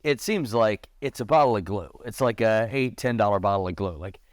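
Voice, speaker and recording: A man's voice: a little fast, dry recording, clean studio sound. A middle-aged man, a podcast guest, chatting casually and animatedly, telling stories and acting out the lines of the people in them. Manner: animated, acts out quotes with a raised pitch. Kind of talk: casual storytelling chat.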